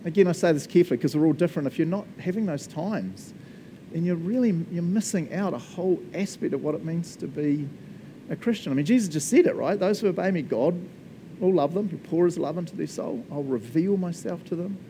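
Chatty New Zealand preacher, mellow voice. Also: male voice, on the high side, lively intonation, fairly quick, a little hiss or hum. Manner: chatty, jokey, laughs often, says "eh" and "man". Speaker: pastor. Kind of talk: conversational sermon.

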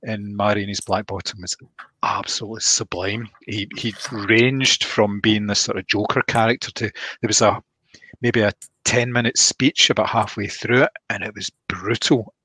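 A man co-hosting a casual film discussion, talking in a measured way and thinking aloud with small restarts. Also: fairly low pitch, fairly even intonation, pushed and bright, husky, no room sound. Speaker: film podcast co-host.

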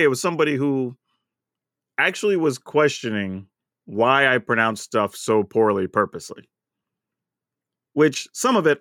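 A man with a Southern US accent talks through a casual podcast chat, his pitch swinging widely as he tells a story. He sounds chatty and often laughs mid-thought. The recording is dry and close, with no room echo. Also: fairly bright tone. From American South. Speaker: podcast co-host.

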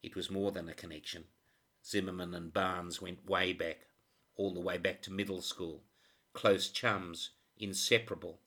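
Low bright male voice reading a crime story, steady and even. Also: normal speed. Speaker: narrator. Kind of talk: audiobook narration.

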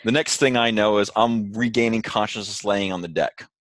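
A man telling a story in casual chat with animated delivery, acting out quotes. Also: on the low side, normal speed, no room sound. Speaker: co-host, sailor.

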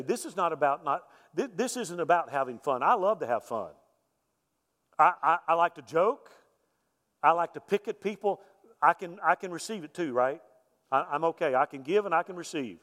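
In an echoey church hall, a middle-aged pastor delivers a sermon in a conversational style, frequently going back over his own words. His voice sits on the high side with a fairly bright tone, and the setting is the church sanctuary.

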